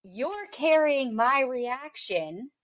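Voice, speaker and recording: A woman in her thirties hosting a casual podcast chat, animated and laughing often as she acts out her own past words. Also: sits high, extremely slow. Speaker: podcast host. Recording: dull lo-fi sound.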